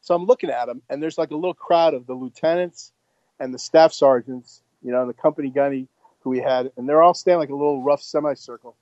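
A man's voice: mid-range voice, fast, a little mellow, no room sound, highs cut off. A former Marine officer, a man, telling a blunt, profane story in casual conversation.

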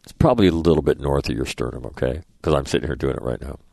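A man's voice: a bass voice, rapid-fire, gravelly, warm tone, no room sound. A middle-aged man hosting a radio show, telling rambling, profane anecdotes and acting out the dialogue in a casual monologue.

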